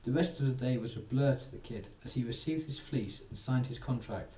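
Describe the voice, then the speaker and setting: A man reads a soothing bedtime story in a soft, mellow voice. He sits back from the mic in an echoey room with a faint hum of ambience. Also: mid-range voice, brisk, far from the mic. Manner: soothing, gently voicing characters.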